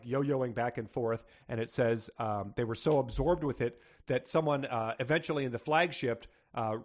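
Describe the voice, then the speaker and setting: Man, podcast co-host, casual book chat, jokey, laughs a lot, mid-pitched voice. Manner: jokey, laughs often, many fillers.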